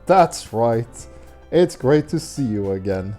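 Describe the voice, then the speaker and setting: A man's voice: medium pitch, expressive, takes it slowly, mellow, soft background music. A man voicing a confident, popular schoolgirl who speaks graciously. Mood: welcoming.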